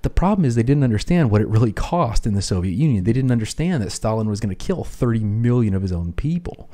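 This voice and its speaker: A man's voice: medium pitch, big pitch swings, fast, dark tone. A man hosting an educational film commentary, explaining casually with lots of "you know" and "right?".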